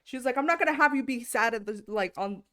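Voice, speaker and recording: A woman's voice: on the high side, fast, a bit bright. A young woman co-hosting a podcast, telling a story in casual chat and laughing often as she quotes her mom. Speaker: podcast co-host.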